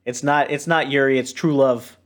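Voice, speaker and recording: A man from New Hampshire, co-hosting a podcast in a rambling, animated casual chat full of fillers. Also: medium pitch, moderate pace. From New Hampshire, USA. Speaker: podcast co-host.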